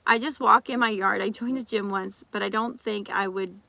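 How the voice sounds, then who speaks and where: A woman's voice: medium pitch, steady tone, creaky, pushed and bright. A woman vlogger in casual chat, ranting animatedly with lots of repeats and acted-out quotes. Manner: talks fast with restarts and repeats.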